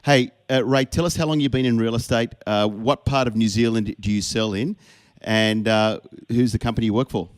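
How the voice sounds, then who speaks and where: A man's voice: fairly low pitch, fairly even intonation, brisk, no echo. A man, hosting a podcast in an upbeat, joking casual chat. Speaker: podcast host.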